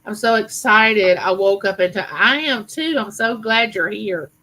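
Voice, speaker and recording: Chatty bright-voiced woman in her fifties. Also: medium pitch, a little slow, low-quality recording. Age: 50s. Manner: chatty, rambling, many fillers and restarts. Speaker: livestream host. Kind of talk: casual live chat reading viewer comments.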